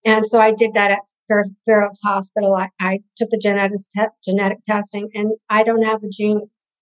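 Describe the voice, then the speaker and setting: Older woman with a flat, hesitant voice. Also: mid-range voice, normal speed, highs cut off. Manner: hesitant, lots of ums. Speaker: guest. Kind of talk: personal story in an interview.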